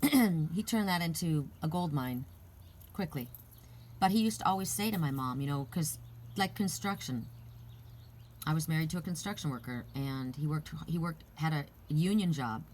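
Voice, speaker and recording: Deep-ish woman rambling thru a card reading, reassuring, little hiss in the background. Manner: rambling, chatty, reassuring, with asides and restarts. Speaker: oracle card reader. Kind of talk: casual spiritual card reading.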